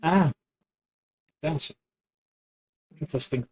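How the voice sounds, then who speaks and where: A man voicing a weary, guarded woman in a tabletop game, who asks calm, measured questions. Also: fairly high pitch, breathy edge. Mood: calm, probing.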